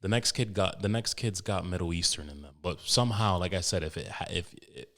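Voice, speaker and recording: Brief: young male podcast host, low voice, profane, emotional, rambling with restarts. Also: a little fast, fairly bright tone. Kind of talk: casual podcast monologue.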